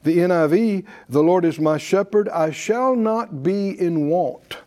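A man's voice: sits high, measured pace, a little mellow. A man preaching a sermon, reading verses with emphatic rhythm and leading the congregation in repeated call-and-response. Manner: leads audience in repeated responses.

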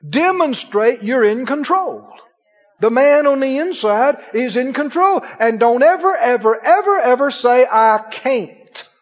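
A man's voice: extremely high pitch, expressive, measured pace. A man preaching a sermon, chuckling often and asking the congregation questions. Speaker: pastor. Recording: dull, lo-fi sound in a reverberant hall.

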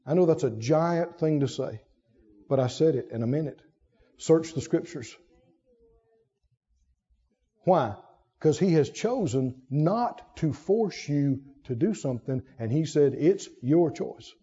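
A man preaching a sermon, swinging between high emphatic bursts and low quiet asides and acting out quoted prayers in a raised voice. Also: breathy edge. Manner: acts out quoted prayers and God's words in raised voice. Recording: dull lo-fi sound with long hall reverb.

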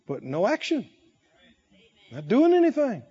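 High-voiced, lively man preaching. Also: a little slow, breathy edge, muffled recording. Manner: dramatic storytelling, acting out voices, shouting peaks. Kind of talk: sermon.

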